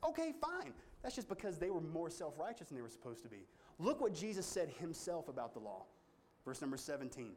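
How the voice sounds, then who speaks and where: A man's voice: wildly swooping pitch, fairly quick, a little mellow. Emphatic preacher, man. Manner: emphatic, folksy, rising to high pitch when stirred. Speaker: pastor. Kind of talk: sermon.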